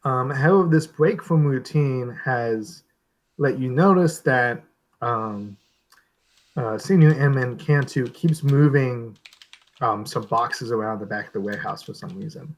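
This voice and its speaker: A man narrating as the game master of a tabletop session. He talks in a middle-pitched voice and pauses often to search for words. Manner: hesitant, lots of ums.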